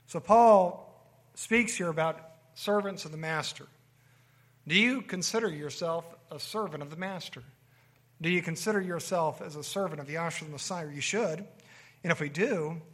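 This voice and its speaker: A man's voice: a little high, a bit bright. Earnest man preaching a sermon. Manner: earnest, repeats key phrases for emphasis. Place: meeting room with a live audience.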